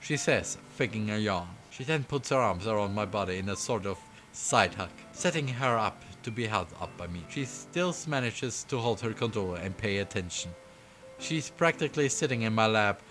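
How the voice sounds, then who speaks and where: Giggly male streamer reading a game aloud. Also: mid-range voice. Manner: giggly, excitable asides. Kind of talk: reading a visual novel aloud with commentary. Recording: faint game music behind.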